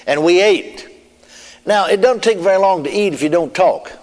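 A man's voice: sits high, moderate pace, a little mellow. A man preacher telling a testimony in a folksy storytelling manner, chuckling and adding amen. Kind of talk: sermon testimony. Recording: long hall reverb.

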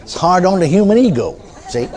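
A man's voice: high-pitched, very animated, a little fast, a little mellow, a faint crowd. An older man preaching a sermon in a folksy storytelling way, often adding amens and hallelujahs.

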